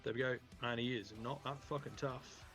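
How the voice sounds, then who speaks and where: Bright-voiced male game master. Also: medium pitch, steady tone, normal speed, faint music behind. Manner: casual, rambling, many fillers and restarts. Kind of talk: narrating a tabletop game.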